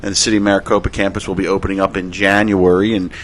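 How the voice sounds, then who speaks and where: A man's voice: sits low, level tone, very fast. A man hosting a live local radio talk show, with a Philadelphia Italian accent, rambling and correcting himself as he jokes with guests. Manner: rambling, self-correcting, joking.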